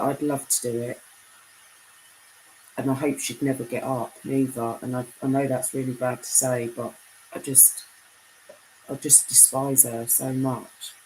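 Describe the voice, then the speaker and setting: A young British woman chatting casually on a live stream, reading out viewer comments; her voice is deep enough to be mistaken for a man's. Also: dark tone, a little hiss or hum, low-quality recording. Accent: British English. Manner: chatty, reads comments aloud.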